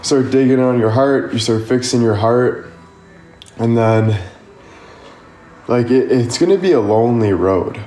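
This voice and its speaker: A man's voice: lowish voice, mellow, slight background noise. A man on a livestream, giving casual motivational talk in a rambling way, full of "like" and "you know". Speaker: social media creator on a livestream. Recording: echoey room with faint music behind.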